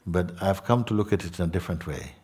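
Speaking slowly and reflectively at a satsang, a male spiritual teacher uses a low, husky, somewhat mellow voice that stays expressive. He often ends thoughts with tag questions like "no?" and "hmm?" as he addresses the gathering.

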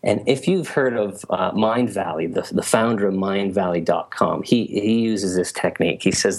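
A man's voice: sits low, moderate pace, few pauses. A man in casual conversation, explaining an idea through a long story and acting out the voices in it. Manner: animated storytelling, acts out quoted voices.

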